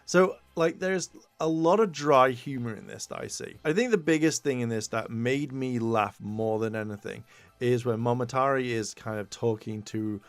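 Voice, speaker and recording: A man of ordinary pitch recaps an episode in a loose, rambling way, piling on fillers and slipping into quick impressions of the characters. His voice sits close and dry, with no room sound around it. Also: dry recording, soft background music. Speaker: podcast co-host reviewing a tokusatsu episode. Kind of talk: casual recap.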